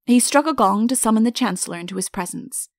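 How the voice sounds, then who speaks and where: Woman narrator, storybook reading, gravelly, dry close sound. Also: fairly high pitch, animated, fast, no room sound. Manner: acts out each character. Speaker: audiobook narrator. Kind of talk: storybook reading with character voices.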